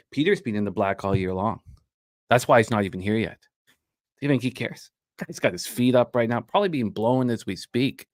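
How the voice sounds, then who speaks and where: Deadpan joking man host, dry sound. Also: on the low side, no room sound. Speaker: sports betting show host. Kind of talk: casual live-stream banter.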